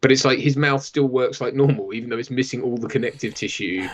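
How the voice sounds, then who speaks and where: A man nitpicking a film in a relaxed chat with a friend. His humour is dry and he laughs readily. He is recorded on a lapel mic. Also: mid-range voice, quick pace, lo-fi sound. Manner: wry, nitpicking, laughs often. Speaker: film commentary co-host. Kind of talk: casual watch-along chat. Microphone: lavalier.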